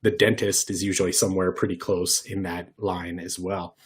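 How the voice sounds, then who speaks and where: A man with a low, husky voice leads an online workshop. He talks in a lively, conversational way, asking the audience questions and jumping his voice around to demonstrate points. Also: moderate pace. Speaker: workshop presenter.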